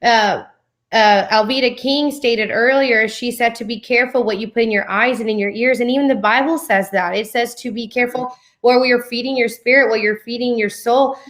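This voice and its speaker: Twenties woman, a touch high-pitched, animated and playful, preacherly when reading verses. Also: moderate pace. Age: 20s. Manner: lively, slips into playful voices for quotes. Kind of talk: animated faith-based chat with scripture reading.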